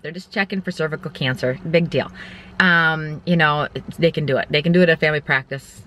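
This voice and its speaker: A woman in her forties records a casual vlog inside her car. Her voice is bright and forceful. She tells things candidly and rambles from one story to the next. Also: low voice. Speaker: vlogger. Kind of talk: casual chat.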